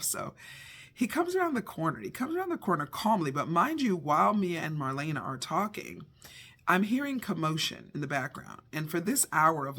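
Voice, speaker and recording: A woman's voice: rumbling low, fairly bright tone. A middle-aged woman telling a personal family story as a faith lesson, acting out the voices of her household as she goes. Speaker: devotional speaker.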